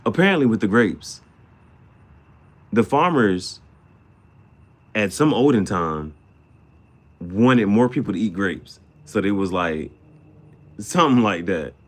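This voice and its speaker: A man vlogging in a casual rambling monologue, slangy and swearing, jumping between topics, laughing often, his voice shooting high on sudden outbursts. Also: expressive, slow, long pauses.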